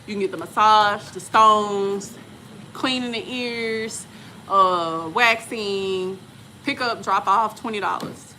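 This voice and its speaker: A woman's voice: mid-range voice, slow pace, pushed and bright, a little hiss or hum. A woman in her forties from Texas, telling travel stories in casual, slangy chat and laughing often. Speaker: vlogger and respiratory therapist.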